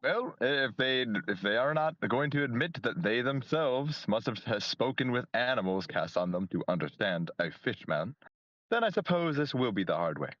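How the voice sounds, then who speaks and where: A young man playing a fish-man rogue in a tabletop game, lively and playful, sometimes stammering. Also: medium pitch, normal speed, no echo, highs cut off. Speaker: player.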